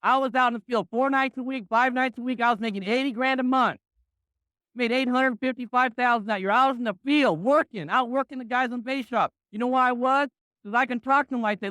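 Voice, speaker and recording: A man's voice: very high voice, a little fast, sharp tone, smooth, dry recording. A man in his sixties giving a blunt, punchy motivational talk to a business crowd, often tossing in "right?".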